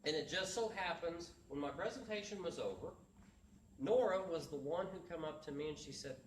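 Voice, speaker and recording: A man's voice: on the high side, moderate pace, a little hiss or hum. Earnest male speaker, echoey and distant. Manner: earnest storytelling, acts out quoted voices. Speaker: motivational speaker. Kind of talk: storytelling talk to an audience. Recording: echoey room from far off.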